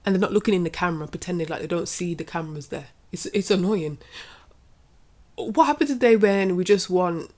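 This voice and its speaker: A woman's voice: lowish voice, brisk, darkish tone. A young adult woman hosting her own wrestling channel, giving an exasperated, opinionated rant that keeps repeating and trailing off. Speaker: wrestling commentary channel host. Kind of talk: opinionated casual rant to camera.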